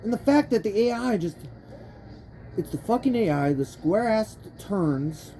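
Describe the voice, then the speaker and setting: A woman's voice: mid-range voice, lively intonation, unhurried, dark tone, a little hiss or hum. A young woman commenting on a racing game she is playing, ranting with lots of profanity, frustrated and rambling, often breaking off mid-sentence. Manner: frustrated, rambling self-interrupting talk. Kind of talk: let's play commentary. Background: faint game music.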